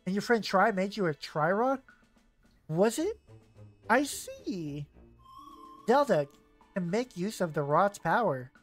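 A man's voice: high voice, sing-song, takes it slowly, long pauses, soft background music, heavily acted. A man voicing a kindly, fussing old woman from a video game, reading her lines with playful relish. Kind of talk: reading game dialogue in a put-on voice.

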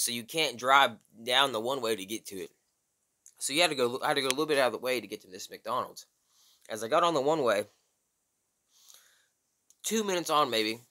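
A young man telling a story casually, full of slang and "bro", loudly acting out the people in it. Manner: slangy, animated, says "bro" often; acts out quotes in high strained voice. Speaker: vlogger.

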